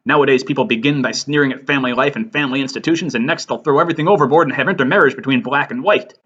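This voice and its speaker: A man's voice: medium pitch, rapid-fire, fairly bright tone, breathy edge, lo-fi sound. A man reading a snooty rich man. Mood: indignant. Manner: sneering and indignant. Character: snooty, arrogant upper-class man.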